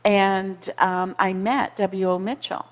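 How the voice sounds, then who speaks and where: A woman in her sixties or older from Canada, a conference co-founder telling stories in an animated TV interview and acting out quoted voices. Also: medium pitch, takes it slowly, in a large hall. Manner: lively, acts out quoted voices, laughs often. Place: community TV studio.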